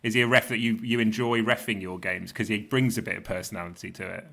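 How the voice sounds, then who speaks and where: A man's voice: lowish voice, fairly even intonation, fast, creaky, sharp tone. A man hosting a casual sports podcast, chatty, laughing often as he steers the talk. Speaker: podcast host.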